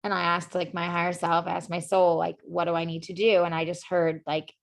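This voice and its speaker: A woman's voice: fairly low pitch, level tone, fairly quick, vocal fry, hardly any pauses. A woman guest on a podcast, telling her personal story earnestly and openly, with lots of "like" and "you know" fillers. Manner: earnest and emotionally open. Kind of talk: candid personal storytelling in conversation.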